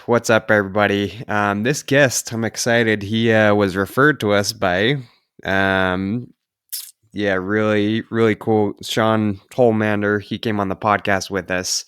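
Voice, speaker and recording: A man's voice: on the low side, steady tone, unhurried, a bit bright, clear, resonant tone, no echo, clean studio sound. A man hosting a podcast, introducing a guest in an upbeat, loose way with fillers. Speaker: podcast host.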